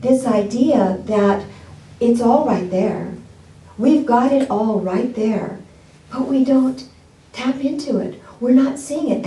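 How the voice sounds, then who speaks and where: A woman pastor preaches in an easy, conversational way, tossing questions out to her congregation. Her voice is mellow and warm. She sounds a step away from the microphone, with the sanctuary's echo rolling around her. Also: a little high, distant mic. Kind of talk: sermon.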